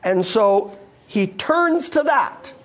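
A man's voice: sits high, very animated, slow, a bit bright. A man preaching a sermon to a live congregation, emphatic and full of rhetorical questions put to the listeners. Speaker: pastor.

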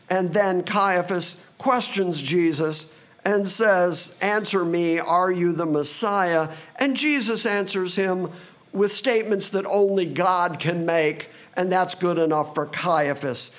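A man preaching a sermon, reading scripture slowly and dramatically, then speeding up for asides. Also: sits high, fairly bright tone. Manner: slow and dramatic, quickening in asides.

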